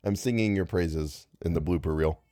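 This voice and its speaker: A man's voice: low-pitched, normal speed, very noisy. A man reading old ghost stories aloud, often breaking off to joke about his own slips and grumble. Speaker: storyteller.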